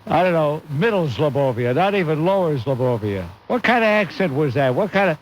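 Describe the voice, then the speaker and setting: Brusque sarcastic male radio host, lively swooping delivery, slightly high, hissy AM tape. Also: a little fast, poor audio. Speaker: radio talk show host. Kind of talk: call-in talk radio. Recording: hissy AM radio cassette recording.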